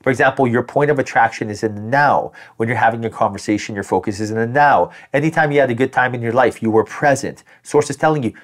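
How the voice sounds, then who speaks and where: A man giving a tarot reading as spiritual guidance, talking animatedly and acting out quoted voices. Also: medium pitch. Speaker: tarot reader.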